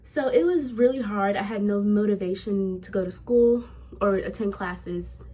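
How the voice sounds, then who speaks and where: A woman's voice: medium pitch, normal speed, dark tone. Chatty young woman vlogging candidly. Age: young adult. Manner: chatty and candid, addresses viewers as "y'all". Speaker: vlogger, nursing student. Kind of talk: casual talking-head vlog.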